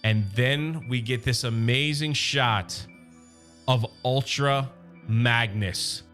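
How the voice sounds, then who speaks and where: A man recapping a story for his channel, excitable and openly a fan. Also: medium pitch, slow pace, faint music behind. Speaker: YouTube reviewer.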